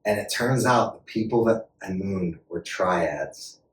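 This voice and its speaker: An American actor as a podcast guest, telling a story in a lively, laughing way and acting out voices. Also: male voice, low-pitched, a little slow. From United States. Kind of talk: animated storytelling. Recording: roomy room, distant mic.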